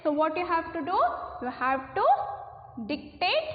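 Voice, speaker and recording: A woman teacher with an Indian English accent gives a class lesson slowly, often checking "okay, children?". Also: extremely high pitch, lively intonation. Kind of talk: recorded online class lesson. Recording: echoey room over a tinny phone line.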